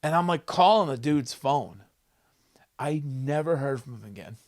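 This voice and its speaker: A man, a comedian guest on a podcast, telling a story with a profane, excitable manner and loud acted-out quotes. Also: medium pitch, normal speed. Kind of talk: animated storytelling. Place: podcast studio.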